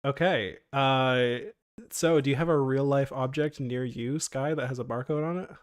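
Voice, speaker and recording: A man runs a tabletop game in an easygoing way, often laughing and restarting his sentences. His voice sits at a middle pitch, and the sound is close and dry with little room in it. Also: steady tone, moderate pace, clean tone, dry recording. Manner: casual, laughing, lots of fillers and restarts. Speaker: game master.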